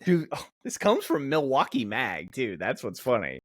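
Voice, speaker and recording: A man's voice: medium pitch, wildly swooping pitch, normal speed, no echo, studio quality. A young man co-hosting a comedy podcast, joking, swearing and reading facts aloud in casual banter. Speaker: podcast co-host.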